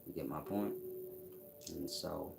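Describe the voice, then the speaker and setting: A man's voice: rumbling low, slow pace, gravelly, noisy background. A man hosting a casual livestream, reading out chat comments and answering them in a blunt, mocking way with frequent laughs. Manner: blunt, mocking, laughs at his own jabs.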